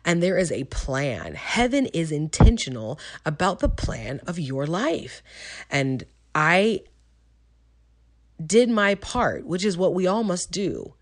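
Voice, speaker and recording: Reflective woman telling her life story. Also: fairly low pitch. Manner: reflective and conversational, with frequent ums. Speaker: teacher sharing a personal story. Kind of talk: personal testimony storytelling.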